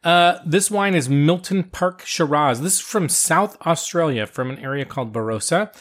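A man's voice: fairly high pitch, expressive, normal speed, a bit bright. A man co-hosting a podcast, chatting casually and playfully, often teasing himself. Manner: playful, self-mocking, chatty. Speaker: podcast co-host. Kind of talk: casual chat.

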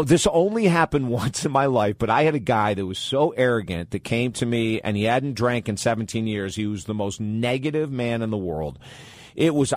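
A blunt male advice host, talking candidly with lively asides. His voice sits at a middle pitch. The sound is dry and close. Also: no echo. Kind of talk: advice talk answering listener questions.

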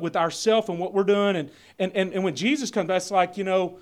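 Man preaching, high voice, call-and-response questions, soft then loud bursts, lots of fillers. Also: a little fast, few pauses, reverberant, far from the mic. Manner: volume swings between soft asides and loud emphatic stretches; conversational with frequent fillers and repeated words. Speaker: pastor. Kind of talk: sermon.

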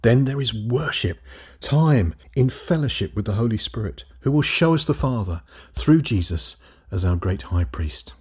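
A man teaching a Bible lesson, reading scripture aloud emphatically with dramatic pauses. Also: medium pitch, expressive, breathy edge.

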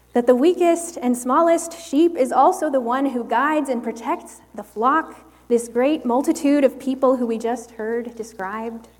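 A woman preaching a sermon in a slow, measured, reflective way. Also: a little high, darkish tone, in a large hall.

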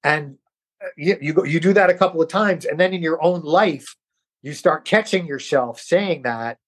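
A man's voice: on the high side, moderate pace. A middle-aged man from New York, an actor guest, telling stories in a casual interview and acting out the voices of people he quotes. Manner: animated, acts out quoted voices.

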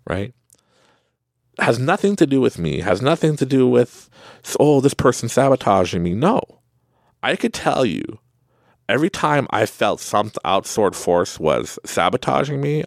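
A man with a Canadian accent hosting a podcast, giving a casual motivational monologue, animated and laughing often. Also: lowish voice, vocal fry, no echo, studio quality. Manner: animated, laughs often, tags lines with "right?". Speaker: podcast host.

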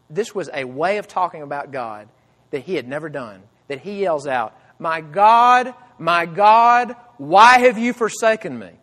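Earnest man preaching in a reverberant hall. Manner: earnest, builds to loud emphatic cries then drops to hushed low tones. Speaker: pastor. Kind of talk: sermon.

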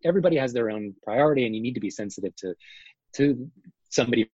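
A man's voice: medium pitch, lively intonation, fast, a little mellow, husky, dry recording, highs cut off. A man who works as a wedding photographer, chatting casually in an interview, rambling with lots of fillers.

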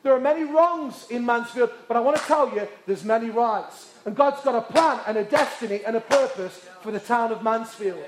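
A man from England, preaching with passionate, repeated emphasis that drops to hushed tones. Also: very high-pitched, moderate pace, hardly any pauses, background noise. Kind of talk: sermon. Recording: echoey hall.

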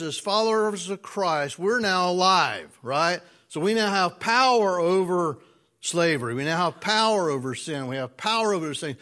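A man's voice: high voice, fairly bright tone. A man preaching a conversational sermon, stretching key words and checking in with the congregation. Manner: drawn-out emphatic words, playful asides. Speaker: pastor.

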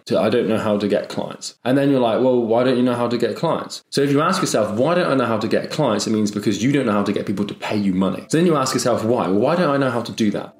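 A young man and business coach giving casual advice, firing off rapid rhetorical questions and swearing now and then. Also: fairly low pitch, a little mellow. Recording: echoey room with faint music.

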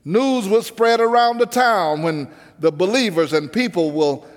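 A man's voice: sits high, a little slow, in a large hall. A man preaching a sermon with a rhythmic preaching cadence, calling out to the congregation.

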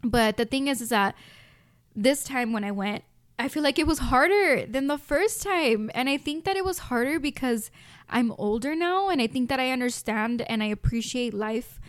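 A woman's voice: high voice, expressive, moderate pace, dry recording, clean studio sound. A young adult woman with a Mexican American accent hosting a podcast, talking heartfelt and reflective to her listeners, choked up with emotion. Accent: Mexican American English with Spanish mixed in. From United States. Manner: heartfelt, talks straight to listeners as "you guys". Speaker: podcast host. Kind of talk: reflective casual monologue.

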